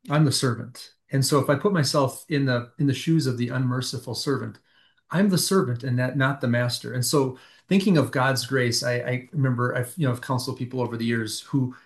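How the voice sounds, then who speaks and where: Male pastor, mid-pitched, reflective and halting; for a panel discussion. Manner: thoughtful, halting with frequent restarts. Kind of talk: discussion of a Bible parable.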